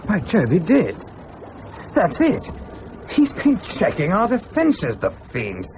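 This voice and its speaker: An actor playing an English gentleman adventurer who narrates his tale, brisk and commanding, in a radio drama. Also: sits high, huge pitch swings, muffled recording, a little hiss or hum, heavily acted. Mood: urgent. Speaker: narrator and lead character.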